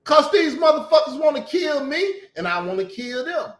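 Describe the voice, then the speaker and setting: A man's voice: very high-pitched, sing-song, normal speed, fairly bright tone, roomy sound. A man, hosting a casual talk and telling stories in a blunt, profane way. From Southern United States. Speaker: host. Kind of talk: casual chat.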